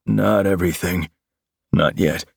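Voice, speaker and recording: A man's voice: low voice, fairly even intonation, unhurried, creaky, breathy edge, no room sound, clean studio sound, heavily acted. A man voicing a wounded male hero pleading with his friend, urgent and strained, in an audiobook reading. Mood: desperate.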